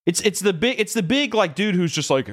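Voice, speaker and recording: A young man co-hosting a podcast in casual chat, animated and profane, often acting out voices. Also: high voice, fairly quick, dry recording, clean studio sound. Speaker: podcast co-host.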